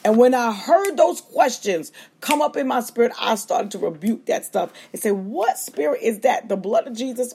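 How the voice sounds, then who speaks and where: A woman preaching with fervor, calling out to her listeners and slipping into quick acted-out asides. Her voice sits a bit high and has a husky edge. She speaks, carried over a livestream feed. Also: darkish tone. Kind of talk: sermon.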